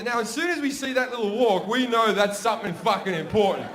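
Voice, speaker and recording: Profane, chatty middle-aged male stand-up comic with a high voice and a faint hiss behind him. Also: fairly quick, few pauses. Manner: profane, conversational, keeps asking "right?". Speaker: stand-up comedian. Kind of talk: stand-up routine.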